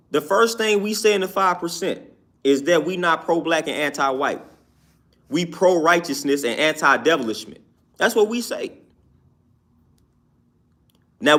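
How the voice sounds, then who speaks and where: A man with a fairly high voice for his sex holds forth in a casual, emphatic monologue. He circles back to his points and keeps checking in with his listener. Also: fairly bright tone. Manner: emphatic, repeats "you know what I'm saying". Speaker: YouTube commentator. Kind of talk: casual opinion talk.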